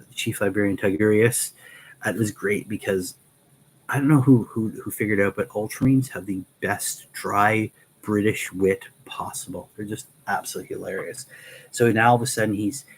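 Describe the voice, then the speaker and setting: A man's voice: on the low side, breathy edge, low-quality recording. A man hosting a Q&A, casually rambling through stories with many restarts. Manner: rambling, full of fillers and restarts. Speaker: host of a Q&A channel.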